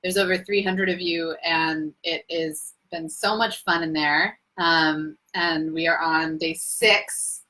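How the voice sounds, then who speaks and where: A woman's voice: low-pitched, fairly even intonation, slow, hardly any pauses, bright, forceful tone, rough recording. A young adult woman hosting a live Q&A as a coach, talking in an effusive, spiritual way and laughing easily. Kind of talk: casual live-stream talk.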